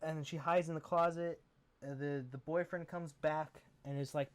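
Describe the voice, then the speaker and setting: A man's voice: a little high, steady tone, normal speed, smooth. A man co-hosting a podcast, casually recapping a film in a rambling, profane, sarcastic way. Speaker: podcast co-host.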